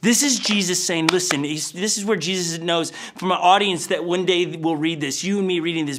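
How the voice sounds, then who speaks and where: A male pastor preaching a sermon in an animated storytelling manner. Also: high voice, a little fast, few pauses, a little hiss or hum. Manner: animated, storytelling with acted voices.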